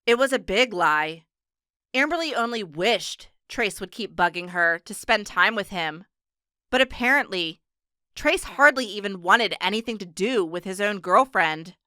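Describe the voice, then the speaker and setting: A woman reads an audiobook aloud in a steady, measured way. Her voice is bright and crisp, and the recording is close and completely dry. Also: mid-range voice, no echo. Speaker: audiobook narrator. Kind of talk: scripted narration.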